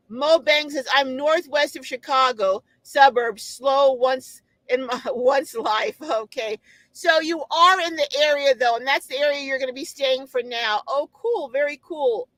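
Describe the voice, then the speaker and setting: Woman, middle-aged, live stream host, chatty, a bit high-pitched, dry close sound. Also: measured pace, no room sound, low-quality recording. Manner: chatty, warm exclamations, frequent ums and restarts. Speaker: livestream host reading viewer comments. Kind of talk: casual live chat.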